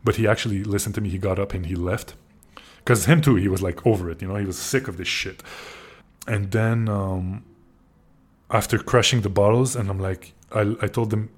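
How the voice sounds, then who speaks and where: Husky, lowish, and a little fast, this man hosts a podcast and gets excitable while telling a story, cursing often and starting his sentences over.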